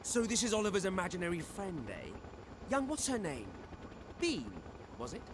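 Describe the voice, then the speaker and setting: A man's voice: sits high, wildly swooping pitch, moderate pace, background noise. An actor playing a sarcastic young male rogue with a mocking manner.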